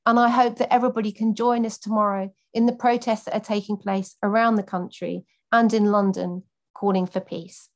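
A woman's voice: medium pitch, flat delivery, fairly quick. Earnest woman campaign speaker. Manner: earnest, many fillers when answering off the cuff. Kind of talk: prepared political speech and answering questions.

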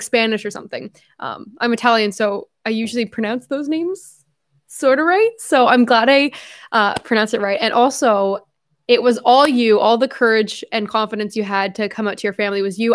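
A young woman with a fairly high voice hosts a relaxed livestream from home. She reads viewer messages aloud in a chatty, effusive way, breaking in with quick asides and correcting herself as she goes. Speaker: livestream host. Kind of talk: casual livestream chat reading viewer messages.

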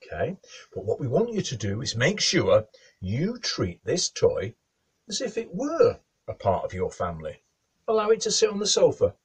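A man's voice: medium pitch, a little mellow, slightly rough, pitched above the performer's own voice, exaggerated voice. A man voicing a pair of mysterious young toy makers who speak earnestly and give instructions.

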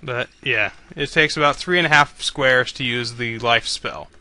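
Sharp-voiced man griping through a game. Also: medium pitch, normal speed, dry recording. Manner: profane, sarcastic griping. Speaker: let's play commentator. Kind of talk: game commentary.

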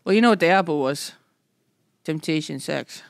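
This is a young woman co-hosting a podcast, teasing and joking with lots of laughter. Her pitch swings widely from line to line, and the sound is dry and close to the mic. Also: expressive, normal speed, gravelly, no room sound. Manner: playful and teasing, laughs often, reads ad copy. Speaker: podcast co-host. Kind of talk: casual chat.

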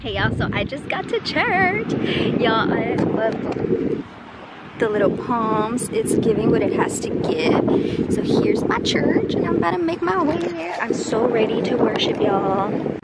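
A young woman in her twenties chatting excitedly to her phone camera while out and about, full of "y'all" and "like". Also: a little high, a little slow, very noisy. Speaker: vlogger. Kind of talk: casual vlog chat to camera.

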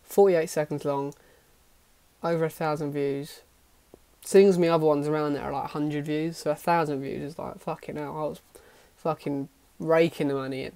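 A man's voice: fairly high pitch, fairly even intonation, normal speed, vocal fry, warm tone, clear, resonant tone. A young man giving casual, self-mocking reaction commentary on his old videos, swearing often. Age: young adult. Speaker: YouTuber.

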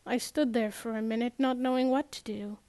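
A woman reading a first-person novel aloud in a measured way, with small restarts and slips. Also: on the high side, fairly even intonation, dark tone, no echo. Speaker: audiobook narrator.

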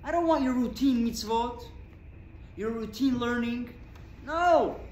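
A man's voice: very high-pitched, slow, a little mellow, a little hiss or hum, pitched above the performer's own voice. A male rabbi voicing God as a loving, longing presence who pleads tenderly. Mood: yearning. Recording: echoey room.

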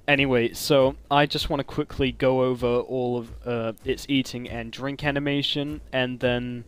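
A man giving casual commentary on a game mod, excitable and gushing, with frequent exclamations. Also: medium pitch. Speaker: gaming commentator.

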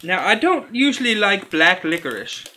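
An actor playing a fussy, squeamish male candy reviewer who hosts a comedy review, talking slowly and over-formally to camera. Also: high-pitched, sing-song, bright, forceful tone, a little hiss or hum, full character voice. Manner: slow, overly formal, wildly swinging delivery.

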